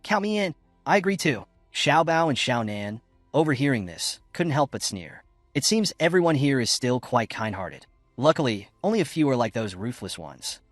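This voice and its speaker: Male recap narrator, animated, dry voice over soft music. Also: medium pitch, moderate pace, no echo. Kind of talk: scripted narration of a comic recap.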